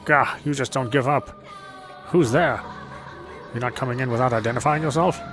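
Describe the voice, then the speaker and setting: A man's voice: medium pitch, normal speed, over music, close to an everyday voice. A man voicing a protective village father who speaks in a plain, reassuring way, in a fan voice dub of a visual novel. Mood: wary.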